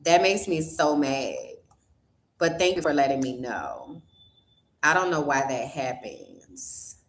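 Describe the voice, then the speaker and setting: A woman's voice: low voice, animated, slow. A woman host chatting casually with her livestream audience, a little flustered and talking straight to her chat. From New Orleans. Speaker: podcast host. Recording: roomy echo.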